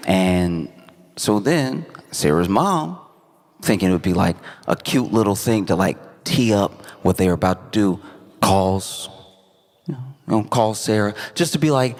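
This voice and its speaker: A man's voice: on the low side, lively intonation, measured pace, long reverb tail. A man telling a stand-up story in a laid-back, wry way, laughing at his own jokes. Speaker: stand-up comedian.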